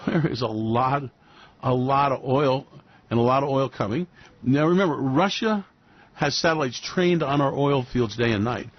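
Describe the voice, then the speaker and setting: A man giving animated radio market commentary, telling it as a story and acting out quoted voices. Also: mid-range voice, moderate pace, no echo, dull audio.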